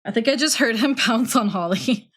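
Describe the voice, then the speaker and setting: A woman's voice: a little high, lively intonation, normal speed, fairly bright tone. A young woman streaming, chatting casually while she builds and talking to her cat in a cutesy voice.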